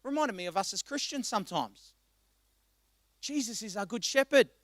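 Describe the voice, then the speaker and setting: A male pastor preaching a passionate sermon, swinging between quiet reflection and loud exhortation. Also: high voice, lively intonation, moderate pace, dry recording. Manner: impassioned, rising to loud exhortation.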